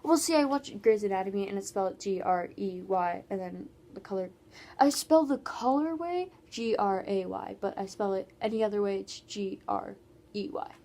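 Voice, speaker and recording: A woman's voice: medium pitch, normal speed, warm tone. A teenage girl from Canada, chatting casually in a Q&A vlog with many "like"s and trailing asides. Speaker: vlogger.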